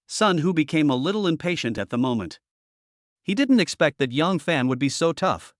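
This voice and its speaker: Lively male audio-novel narrator. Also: a little high, normal speed, dry recording, studio quality.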